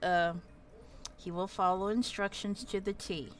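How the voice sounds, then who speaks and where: A woman's voice: medium pitch, fairly even intonation, measured pace, natural voice. A woman playing a humble, weary man who speaks in a polite, hesitant way in a tabletop game. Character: humble, weary male father figure. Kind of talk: tabletop role-play.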